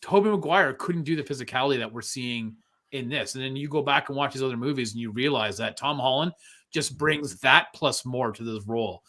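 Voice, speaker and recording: A man's voice: medium pitch, brisk, bright, forceful tone. A man co-hosting a live show, chatting animatedly, saying "like" a lot and acting out little scenes. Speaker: co-host. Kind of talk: casual live show chat.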